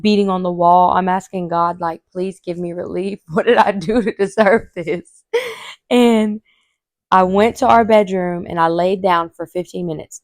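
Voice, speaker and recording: A woman, a podcast host telling a story casually and animatedly, acting out quotes in a high voice. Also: no room sound, studio quality.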